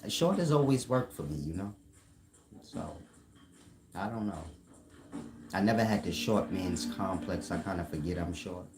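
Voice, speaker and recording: A man's voice: sits low, lively intonation, unhurried, long pauses, poor audio. A man in casual online talk, slangy and mocking, who laughs often at his own jokes. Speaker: online commentator.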